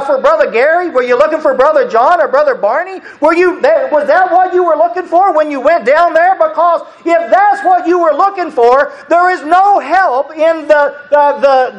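A preacher giving an earnest, repetitive sermon, often breaking into soft chuckles. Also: sits high, rough recording.

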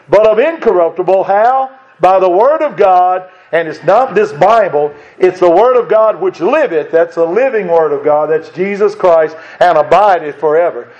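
Preaching man, slightly high voice, lo-fi. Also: darkish tone. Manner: preachy, rhetorical questions to the congregation. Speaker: pastor. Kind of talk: sermon. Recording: dull lo-fi sound.

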